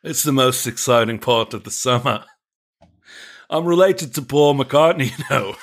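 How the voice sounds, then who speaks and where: A man's voice: mid-range voice, unhurried. A man playing a drunken male pub regular from a remote island, in a British accent drifting toward Liverpool, breezy and laughing about grim customs. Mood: cheerfully matter-of-fact. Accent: British, shifting toward Liverpool. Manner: cheerfully casual about grisly things, laughs often. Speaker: improv character guest. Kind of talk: comedic improv character interview.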